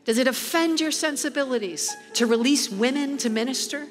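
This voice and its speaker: Woman preacher, high voice, emphatic and playful sermon delivery with frequent laughter. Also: fairly quick, faint music behind. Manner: animated, emphatic, laughs often while preaching. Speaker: guest preacher.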